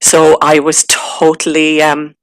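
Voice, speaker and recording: A middle-aged Irish woman giving a personal testimony, halting and emotional, with many fillers and restarts. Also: low voice, monotone, no room sound, low-quality recording. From Ireland. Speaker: guest recounting a spiritual experience.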